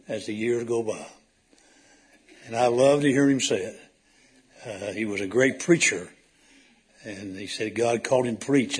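A man's voice: medium pitch, moderate pace, pauses often, husky. A man preaching a sermon to his congregation in a folksy, storytelling way that rises to emphatic calls.

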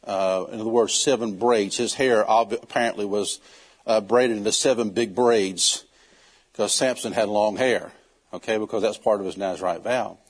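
A man preaching, telling a Bible story in a folksy, animated way and acting out the characters. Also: on the low side, moderate pace, husky. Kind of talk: storytelling sermon.

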